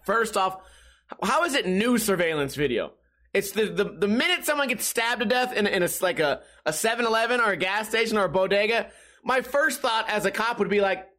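A young man with a high-pitched voice riffs through casual commentary. He rambles, jokes and drifts into tangents while reading news aloud. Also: lively intonation, a little fast, bright, forceful tone. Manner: rambling, joking, often laughing. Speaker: host.

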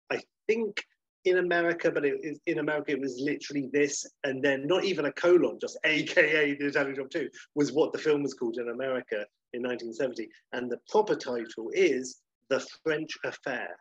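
A man's voice: medium pitch, a little fast, husky, dry recording, lo-fi sound. A man co-hosting a podcast in casual chat, rambling and correcting himself as he goes. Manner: rambling, self-correcting, enthusiastic. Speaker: podcast co-host.

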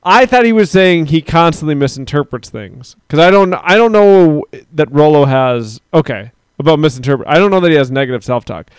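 A man's voice: fairly high pitch, expressive, brisk, hardly any pauses, clean tone, no echo. A man in his thirties co-hosting a casual chat show, candid and self-reflective, laughing often as he reads comments. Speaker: podcast co-host.

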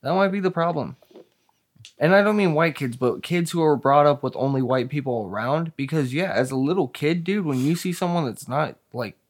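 A man's voice: on the high side, moderate pace. A man chatting casually and telling stories in a profane, slangy way. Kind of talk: casual chat.

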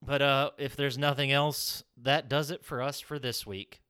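A man's voice: mid-range voice, fairly even intonation, unhurried, pushed and bright, smooth. A young man hosting a casual podcast, running the segments and laughing easily. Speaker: podcast host.

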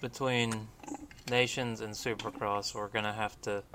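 A man co-hosts a relaxed podcast, mostly adding short agreeing remarks. His voice is bright and forceful. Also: fairly low pitch, unhurried, a little hiss or hum. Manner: brief agreeing interjections. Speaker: podcast co-host. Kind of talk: casual podcast chat.

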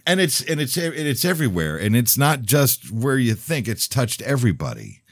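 A man's voice: mid-range voice, very animated, moderate pace, dry recording, studio quality. A man hosting a radio talk show, musing in a rambling, blunt, opinionated monologue full of restarts and asides. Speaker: radio host. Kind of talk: casual monologue.

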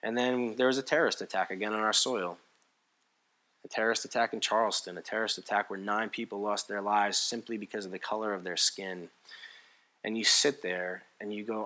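A man preaching a sermon in a church, swinging between hushed and loud, passionate delivery with repeated emphatic phrases. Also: mid-range voice, a little fast. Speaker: pastor.

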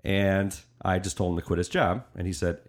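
A man's voice: sits low, steady tone, a little fast. A man hosting a casual podcast chat, rambling and joking with his co-hosts. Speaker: podcast host.

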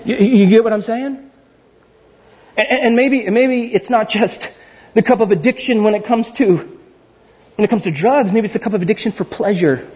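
A man preaching a sermon, animated and playful, with frequent asides and words repeated for emphasis, heard on a dull lo-fi recording. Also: high-pitched, moderate pace, pauses often, slightly rough. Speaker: pastor.

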